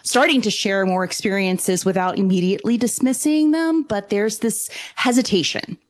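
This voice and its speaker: A woman from New Orleans speaking as a guest paranormal investigator on a call-in radio show. She talks in a warm, enthusiastic, conversational way. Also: medium pitch, normal speed. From New Orleans, USA.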